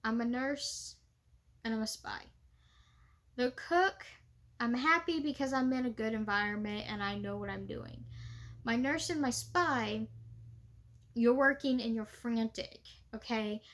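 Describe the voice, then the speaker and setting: A woman's voice: fairly high pitch, measured pace, long pauses, a bit bright. A young woman reenactor talking in a casual, chatty way, with many fillers and laughs. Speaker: living history reenactor. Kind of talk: casual vlog talk.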